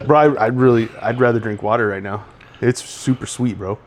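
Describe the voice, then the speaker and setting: A man's voice: medium pitch, fairly quick, slight background noise. A young man co-hosting a podcast in laid-back casual chat, often saying "bro". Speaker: podcast co-host.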